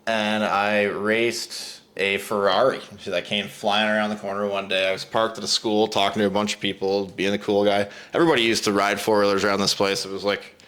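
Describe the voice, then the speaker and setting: A man's voice: on the low side, little pitch movement, brisk, few pauses, a bit bright. A man hosting a podcast, telling a rambling, profane story and laughing through it. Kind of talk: casual storytelling.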